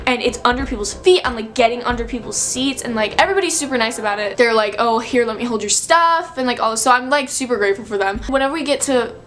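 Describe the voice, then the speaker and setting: A woman's voice: on the high side, fast, hardly any pauses, fairly bright tone. Chatty young woman telling a story. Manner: chatty, filler-heavy, breathless retelling. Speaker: vlogger. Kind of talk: storytime vlog.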